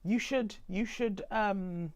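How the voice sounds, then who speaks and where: A man's voice: sits high, slow pace, no echo. A man co-hosting a live stream, chatting casually with dry, teasing asides. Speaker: stream co-host. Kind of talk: casual chat.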